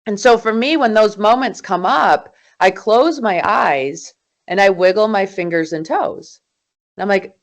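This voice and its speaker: A woman in her forties, a guest in an interview, telling her story in an animated, emphatic way. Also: mid-range voice, a little slow. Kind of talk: conversational interview.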